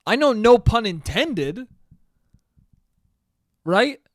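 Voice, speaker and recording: Profane rambling young man, high voice. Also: sing-song, very slow, dry recording, studio quality. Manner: profane, rambling, self-mocking. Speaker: podcast host. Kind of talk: casual solo podcast chat.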